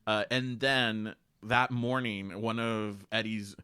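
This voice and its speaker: A man with a fairly low voice and a bright, forceful tone, chatting casually as a podcast co-host. He retells a story in an animated way, full of fillers and asides. The sound is dry and close, with no room around it. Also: takes it slowly, clear, resonant tone, no room sound. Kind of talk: casual chat recapping a fanfic.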